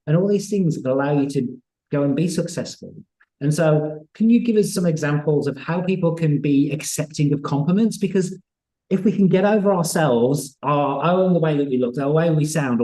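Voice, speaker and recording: A man hosting a live online interview, talking in halting bursts with frequent restarts and fillers. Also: on the high side, mellow. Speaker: host. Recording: roomy echo.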